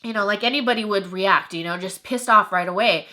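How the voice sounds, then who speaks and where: A young woman vlogger telling an emotional story in an animated way, filling her talk with "like" and "you know". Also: mid-range voice, fairly quick.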